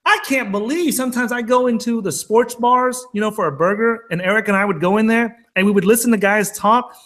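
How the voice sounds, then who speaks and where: High-pitched and a bit bright, the man talks a little fast. He's a crypto trading show co-host ranting emphatically and with real fire in a casual chat.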